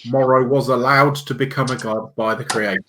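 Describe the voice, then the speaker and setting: Relaxed man playing a tabletop game. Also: mid-range voice, normal speed, a little hiss or hum. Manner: relaxed, laughs often. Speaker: player. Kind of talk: casual tabletop play.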